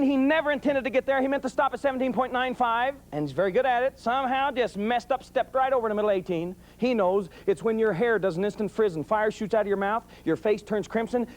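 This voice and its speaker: Guy with a high voice, folksy storyteller talking to a crowd about parenting, jokes around. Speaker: police sergeant giving parenting talk. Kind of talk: folksy talk to a live audience.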